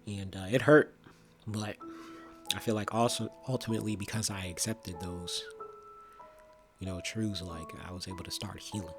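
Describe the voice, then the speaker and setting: A young man speaking earnestly and reflectively about his own experience, with frequent pauses and restarts. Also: sits low, fairly even intonation, over music. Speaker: vlogger. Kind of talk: personal testimony monologue.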